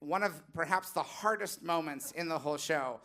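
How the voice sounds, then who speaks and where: A man's voice: a little high, moderate pace, pushed and bright. A man hosting a live comedy talk show, telling rambling comic stories. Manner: rambling, comic storytelling with laughs. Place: live theater stage.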